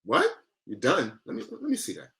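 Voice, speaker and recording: A man's voice: a little high, wildly swooping pitch, normal speed, vocal fry, sharp tone, pitched above the performer's own voice, exaggerated voice. A man playing an astonished busy father. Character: busy father, amazed by his son.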